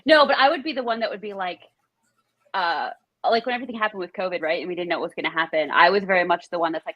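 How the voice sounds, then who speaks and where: A woman guest in a casual TV reaction chat, talkative and stopping to quote herself in a higher voice. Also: fast, dry recording, dull audio.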